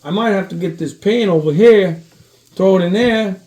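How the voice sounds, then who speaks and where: Slightly high man, loose profane cooking chatter, echoey kitchen, mic far off. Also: moderate pace, a little mellow. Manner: loose, joking and profane, talks to viewers. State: eyes watering from onions. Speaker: home cooking show host. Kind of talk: casual cooking chat. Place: home kitchen.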